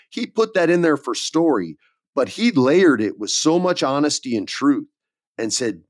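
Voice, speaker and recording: Man, middle-aged, animated storyteller, casual podcast chat, dry close sound. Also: fairly high pitch, normal speed, no echo. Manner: excited storyteller, slangy. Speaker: podcast co-host.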